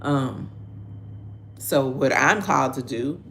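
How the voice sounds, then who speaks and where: A woman's voice: extremely low pitch, takes it slowly, creaky, a bit bright, a little hiss or hum. A middle-aged woman hosting a casual devotional talk, earnest and conversational, reading viewer comments aloud. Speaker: devotional host.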